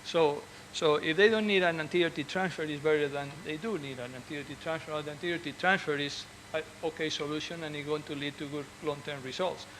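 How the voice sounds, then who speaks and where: Earnest man, higher-pitched voice. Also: fairly even intonation, fast, few pauses, fairly bright tone, a little hiss or hum, rough recording. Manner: earnest and encouraging, with frequent restarts and repeated words. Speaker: orthopedic surgeon. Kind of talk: speaking to fellow doctors.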